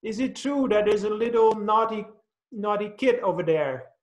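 A man voicing a small boy in a told story, in a raised childlike pitch. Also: expressive, normal speed. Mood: worried. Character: small boy, upset then friendly. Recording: roomy echo.

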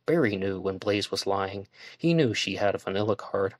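A man reading a thriller audiobook aloud in steady narration. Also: fairly low pitch, moderate pace, dry recording, studio quality. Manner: steady, plain storytelling. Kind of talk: scripted narration.

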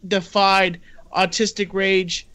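High bright-voiced guy, loud and excitable, smooth clear voice. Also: slow pace. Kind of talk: heated call-in argument.

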